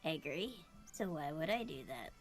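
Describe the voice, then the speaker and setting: Woman playing a game villainess, gravelly, low, smug, taunting, evasive. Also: lively intonation, moderate pace, soft background music. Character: cunning, smug female murderer giving vague testimony. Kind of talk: voicing game dialogue.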